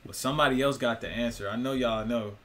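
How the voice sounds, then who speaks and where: A man's voice: medium pitch, fast, fairly bright tone, a little hiss or hum. A man hosting his own video channel, talking loosely and profanely in a rambling monologue, laughing often and throwing questions at viewers. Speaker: vlogger, host of own channel. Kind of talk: casual rambling monologue to camera.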